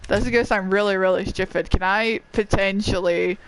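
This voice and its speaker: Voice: medium pitch, a little fast, noisy background. A gamer giving let's play commentary, swearing and crying out in dismay at what happens on screen. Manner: excitable, swears, cries out in dismay.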